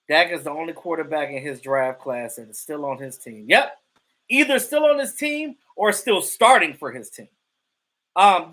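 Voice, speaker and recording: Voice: mid-range voice, fairly bright tone. A live stream host giving casual sports commentary and greeting chat viewers. The host is emphatic and profane and repeats points for effect.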